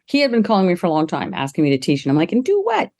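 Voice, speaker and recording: Lively middle-aged woman telling stories. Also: racing. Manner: lively, acts out quoted people with jumps in pitch; laughs often while telling stories. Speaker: guest. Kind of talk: casual interview storytelling.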